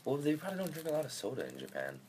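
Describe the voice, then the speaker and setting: A man's voice: fairly high pitch, huge pitch swings, very fast, a little mellow, a little hiss or hum. A man hosting a podcast, chatting casually and joking, swearing now and then, recorded in a car. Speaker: podcast host. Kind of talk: casual chat.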